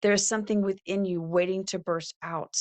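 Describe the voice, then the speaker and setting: A woman's voice: medium pitch, fairly even intonation, normal speed. A middle-aged woman hosting a faith-based podcast, talking earnestly and reading scripture aloud. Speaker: podcast host. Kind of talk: faith-based motivational talk.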